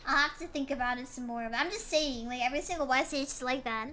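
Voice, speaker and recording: A woman's voice: high voice, quick pace, sharp tone, soft background music. A woman streamer chatting casually with her viewers, complaining in a playful, mock-dramatic way.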